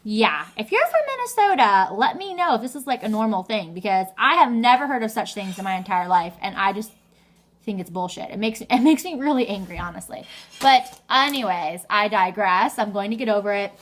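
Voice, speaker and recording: A young adult woman vlogging in a casual, chatty way, telling her story with animated energy and the odd swear word. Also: mid-range voice, a little fast. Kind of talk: casual chat.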